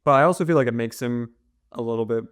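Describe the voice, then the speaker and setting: A man's voice: medium pitch, quick pace, clear, resonant tone, no room sound, studio quality. A man co-hosting a casual podcast about a novel, talking in a chatty, meandering way with many fillers and restarts. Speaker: podcast co-host. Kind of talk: casual book discussion.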